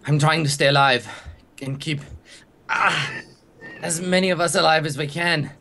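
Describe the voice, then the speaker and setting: A man's voice: fairly high pitch, steady tone, moderate pace, bright, forceful tone, slight background noise, voice pushed up. A man voicing a nervous male scientist in a lab coat who pleads and frets about his experiments. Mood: pleading. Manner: pleading, fussy, rising to panicked yelps.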